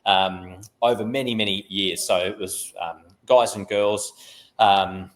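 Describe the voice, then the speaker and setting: Low-voiced host. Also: male voice, steady tone, measured pace, a bit bright. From Queensland, Australia. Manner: friendly, filler-heavy wrap-up. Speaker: host of a referee coaching session. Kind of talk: casual Q&A hosting on a video call. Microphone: video call.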